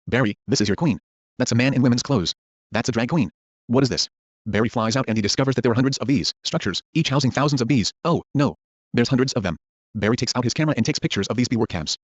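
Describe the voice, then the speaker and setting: A man reading a film script aloud, speaking the character names and stage directions in one even voice. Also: mid-range voice, no echo. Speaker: script reader. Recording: dull lo-fi dry recording.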